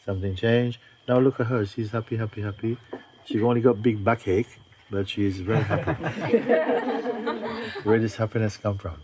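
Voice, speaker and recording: A man as a spiritual teacher giving a spontaneous talk to a gathering, gentle and unhurried, often breaking into laughter. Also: fairly low pitch. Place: retreat gathering.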